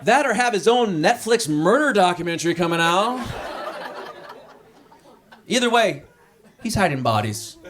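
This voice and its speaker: A man's voice: a little slow, long pauses, a little hiss or hum. A man in his thirties doing a stand-up set at a small restaurant comedy night, talking into a handheld mic. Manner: lively, jumps into high voices for quoted people.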